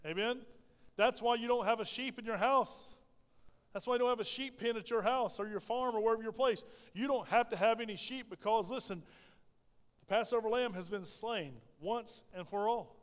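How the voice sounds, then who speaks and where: A man's voice: extremely high pitch, normal speed. A middle-aged man preaching a sermon as pastor, asking the congregation questions and calling for responses. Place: church sanctuary. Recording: long hall reverb.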